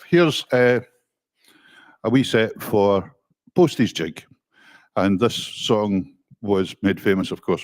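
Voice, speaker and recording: A man's voice: fairly low pitch, dry recording. A Scottish man hosting a music show, chatting casually and rambling with self-corrections. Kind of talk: casual radio-style presenting.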